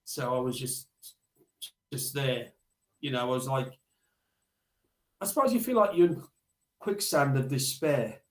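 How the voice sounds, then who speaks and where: A man telling stories from his childhood as a podcast guest, reflective and halting, with many restarts. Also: mid-range voice, big pitch swings, roomy sound, rough recording. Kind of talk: storytelling in a podcast interview.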